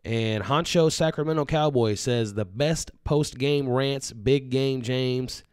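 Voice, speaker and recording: A man's voice: mid-range voice, slow pace, smooth, no echo, studio quality. A man co-hosting a live fan sports show, talking casually and reading out viewer comments. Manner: casual, steady, reads out comments.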